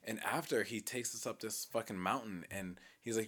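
A young man talks casually among friends, his voice sitting a little low. He rambles through a story with lots of swearing and filler words, loose and unpolished. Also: animated, quick pace, few pauses, a bit bright. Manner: rambling, profane, full of "like" and "bro".

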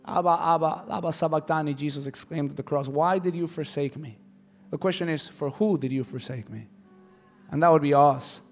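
Man preaching, high voice, fervent, hushed then shouting, soft music underneath. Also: fairly quick. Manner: impassioned, swings from hushed to shouting. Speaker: pastor. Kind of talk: sermon.

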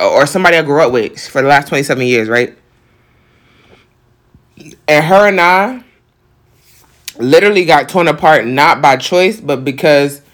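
A man with a New York accent speaks in a voice pitched a little high for a man. He hosts a podcast and talks straight to his listeners in a loose, passionate monologue, leaning on slang and repeating his points for emphasis. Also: a bit bright. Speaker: podcast host.

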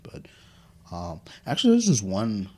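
A man's voice: on the low side, wildly swooping pitch, measured pace, warm tone, husky. A man in his thirties in casual chat, profane and laughing as he tells stories, a little drunk.

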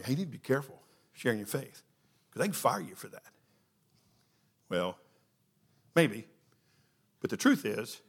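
A middle-aged man delivers a sermon. He talks in a conversational, storytelling way, with plenty of fillers and restarts. His voice sits at an ordinary middle pitch. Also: a bit bright. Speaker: preacher.

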